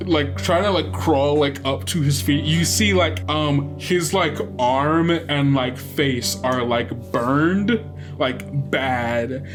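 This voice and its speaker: A man's voice: on the high side, takes it slowly, over music. A man, the game master and podcast host, narrating a tabletop game with rambling, filler-heavy description.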